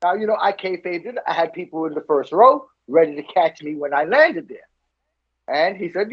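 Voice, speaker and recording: A man's voice: a little high, lively intonation, normal speed, husky. A man co-hosting a podcast, telling his own stories eagerly and tripping over repeated words. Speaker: podcast co-host. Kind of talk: casual podcast chat. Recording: slightly muffled lo-fi audio.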